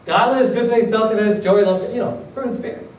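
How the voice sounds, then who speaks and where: Pastor guy preaching in church, high voice, echoey room, mic kinda far, keeps asking do you understand. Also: fast, darkish tone. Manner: keeps asking the congregation rhetorical questions; acts out quoted voices. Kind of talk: sermon. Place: church sanctuary.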